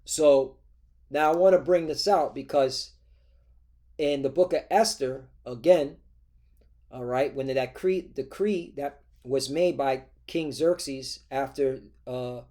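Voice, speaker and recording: A man's voice: mid-range voice, takes it slowly, warm tone. A man preaching a scripture-reading sermon, reading verses aloud and breaking in with constant "all right? okay?" check-ins, in a combative tone.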